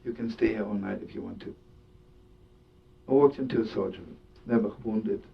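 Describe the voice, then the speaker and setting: A man's voice: normal speed, creaky. Man telling a story in a far, muffled recording. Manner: animated storytelling with Yiddish words and laughter. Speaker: rabbi and storyteller. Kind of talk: storytelling sermon. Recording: distant dull lo-fi recording with faint rumble.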